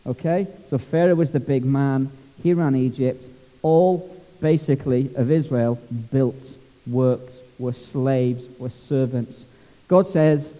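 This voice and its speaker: A Scottish pastor preaching with a lively, jokey, down-to-earth manner. His voice sits fairly high but sounds very mellow and dark. A long church-hall reverb trails every phrase. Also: a little slow. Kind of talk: sermon.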